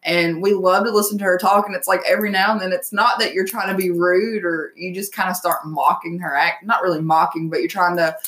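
A woman with a Southern accent co-hosting a casual chat, wry and quick to comment. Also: fairly low pitch, steady tone, fairly bright tone. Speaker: podcast co-host. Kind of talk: casual pop-culture chat.

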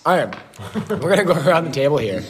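A man's voice: on the high side, big pitch swings, quick pace, slight background noise. A teenage man hosting a casual podcast, joking and laughing often, talking while chewing. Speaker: podcast host. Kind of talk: casual chat.

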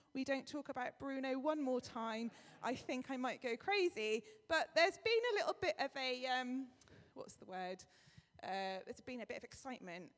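A woman pastor giving a chatty, personal welcome and address to her church congregation, with a few fillers. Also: sits high. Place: church hall. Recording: long reverb of a church hall.

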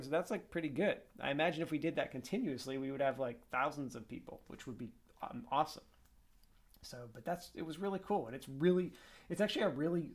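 A man talking casually to his webcam in a vlog, upbeat and rambling, full of "like" and "um" and restarting his sentences. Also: a little high. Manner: rambling, upbeat, lots of fillers and self-corrections. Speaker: esports coach and vlogger. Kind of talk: casual vlog talk to camera.

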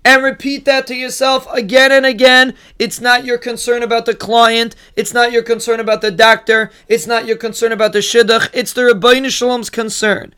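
A man with a strikingly high voice delivers an earnest daily Torah lesson. He keeps coming back to the same phrases and slows down to chant the verses. His tone is smooth and clear throughout. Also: little pitch movement, pushed and bright. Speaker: Torah teacher. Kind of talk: daily inspirational talk.

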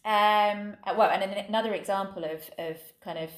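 A woman's voice: medium pitch, steady tone, normal speed. English female co-host, chatty casual podcast talk, roomy echo. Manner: chatty, frequent agreeing fillers. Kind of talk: casual chat.

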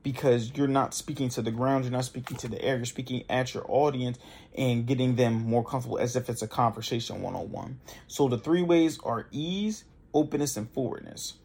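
A man's voice: medium pitch, fairly quick, vocal fry, a little mellow, husky. A young man hosting a podcast, giving casual voice tips in a loose, conversational way and demonstrating the exercises himself. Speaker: podcast host. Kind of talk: casual instructional talk.

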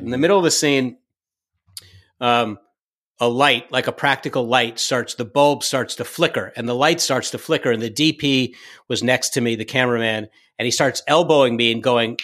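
A man telling stories from his directing days in a casual interview, lively, full of fillers and restarts. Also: mid-range voice. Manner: animated anecdote-telling, acts out quoted lines; frequent fillers and self-restarts.

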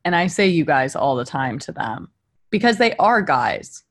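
A woman's voice: deep voice, sing-song, moderate pace. A young woman co-hosting a podcast, upbeat and playful in casual chat. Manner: upbeat, playful, drawls for fun. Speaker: podcast co-host.

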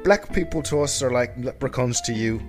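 Guy attempting a shaky irish lady accent, mid pitch, not very convincing. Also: brisk, music in the background, close to an everyday voice. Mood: mock accent. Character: man trying to mimic an Irish woman's accent.

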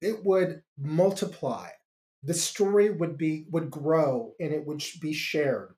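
A middle-aged man, guesting on a podcast, tells a personal story earnestly and reflectively, restarting often. His voice is a little high and mellow, and he takes his time.

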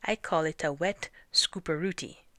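A woman's voice: sits low, normal speed, a bit bright, no echo. A woman reading a storybook aloud and voicing a pompous, fussy male lord who insists on his own words for things.

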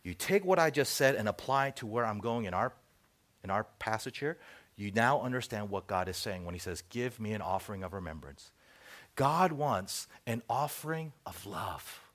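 A middle-aged man preaching a sermon as pastor, telling stories and acting out bits of dialogue, then dropping to quiet asides. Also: mid-range voice, moderate pace. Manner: animated storytelling, acts out dialogue, drops to soft asides.

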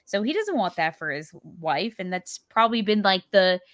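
A woman's voice: mid-range voice, big pitch swings, normal speed, a bit bright, no echo, studio quality. A woman co-hosting a casual podcast, chatting animatedly and retelling scenes with acted quotes. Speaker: podcast co-host. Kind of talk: casual chat.

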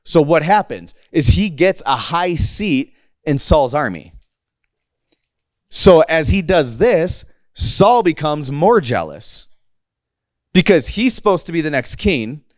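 A man's voice: on the high side, very animated, slow, no room sound, studio quality. Casual, slangy man preaching a sermon. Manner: chatty, slangy, acts out quotes playfully. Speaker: pastor.

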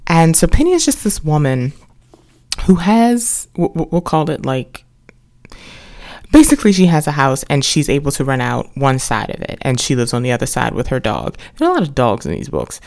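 A woman's voice: a bass voice, sing-song, normal speed, vocal fry, a little mellow. A woman hosting a podcast and reviewing a book series in a casual, rambling way, with many restarts and wry asides. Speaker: podcast host reviewing books.

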